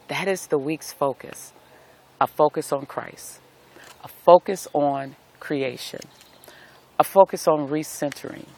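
A man's voice: on the high side, vocal fry. A middle-aged man giving a devotional talk outdoors, speaking as a pastor with a preacherly cadence and repeated phrases. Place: outdoors in nature.

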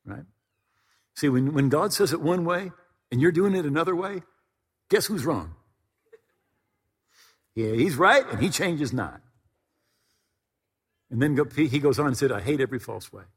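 Husky-voiced man preaching in a hall. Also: fairly high pitch, lively intonation, normal speed, pauses often. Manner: conversational preaching with frequent word repetitions. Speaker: pastor. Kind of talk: sermon. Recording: reverberant hall.

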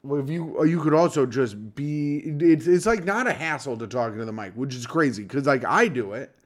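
A man's voice: mid-range voice, expressive, moderate pace. A man co-hosting a casual podcast, bickering and teasing, fussy about the sound levels. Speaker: podcast co-host. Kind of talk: casual chat.

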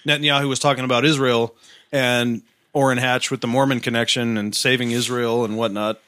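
A quick-witted man joking and asking questions in a casual political chat. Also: mid-range voice, little pitch movement, a bit bright, no echo, clean studio sound.

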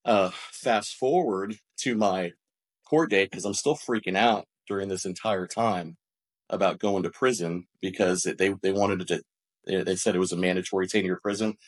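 A man with a slightly low-pitched voice tells the story of building his business as a podcast guest. He is animated and often acts out conversations. He speaks loosely, with frequent restarts and repeated words. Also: normal speed. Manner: animated, acts out quoted dialogue.

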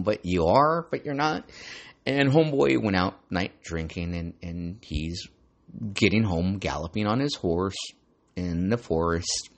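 Low, gravelly-voiced podcast host. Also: male voice. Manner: rambling, profane, slangy with lots of "dude". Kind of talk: casual storytelling chat.

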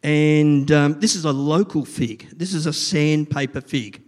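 A middle-aged man who leads children's church gives an informal, rambling, chatty sermon, often asking his listeners questions. His voice is fairly high with a darkish tone and a measured pace, and the recording carries the long reverb of a large room.

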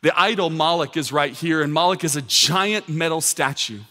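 Man in his thirties, pastor; slightly high voice; driving, repetitive sermon delivery; big reverberant church hall. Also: normal speed, bright, forceful tone. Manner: emphatic preaching, builds with repeated phrases.

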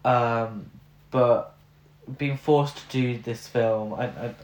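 A man's voice: medium pitch, fairly even intonation, slow, darkish tone. Guy ranting about an awful movie, lots of ums, echoey room. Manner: exasperated, ranting critique with many fillers. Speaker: podcast co-host. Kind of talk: casual film review chat. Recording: roomy echo.

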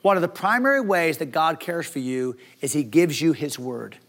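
Man preaching, high voice, energetic sermon, jokey asides, restarts mid-sentence. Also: normal speed. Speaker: pastor.

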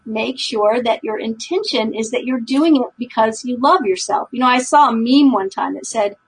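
A woman with a slightly high, breathy voice speaks earnestly and with emphasis on a podcast. Her tone is coaching and heartfelt. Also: normal speed, rough recording. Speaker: podcast co-host. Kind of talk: casual chat.

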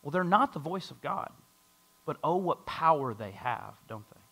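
A man's voice: fairly high pitch, moderate pace, husky. A man preaching a sermon to a congregation, reading scripture and acting out a doubter's voice. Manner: lively preaching with a mocking skeptic voice and scripture reading. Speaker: pastor.

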